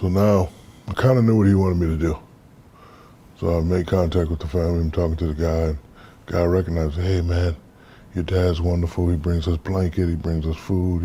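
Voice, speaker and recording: A man in his fifties from the United States, an interview guest telling stories in a relaxed, casual way and acting out the voices in them. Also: low-pitched, breathy edge. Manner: relaxed storyteller, acts out quoted dialogue.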